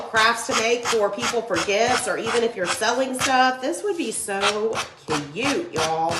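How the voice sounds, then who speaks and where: A woman's voice: fairly high pitch, heavy background noise. Lady w a cold, chatty crafter, lots of ups n downs in her voice, roomy echo. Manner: chatty, laughs often, answers viewer comments. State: has a cold. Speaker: craft livestream host. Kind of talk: casual chat while crafting.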